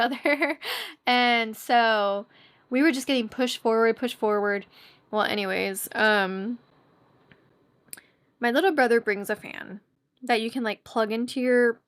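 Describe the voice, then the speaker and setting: Casting note: young woman podcast host, slightly high voice, chatty, animated storytelling. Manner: chatty and animated, acts out quotes in a squeaky voice. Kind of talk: casual storytelling monologue.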